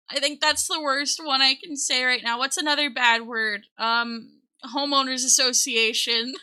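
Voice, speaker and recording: A woman's voice: high-pitched, fairly even intonation, measured pace, pushed and bright, clean tone. A young woman streaming as a VTuber, chatting casually with her viewers, giggly and flustered, teary and close to crying. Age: young adult. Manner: giggly, flustered, thanks chat often. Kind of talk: casual live-stream chat.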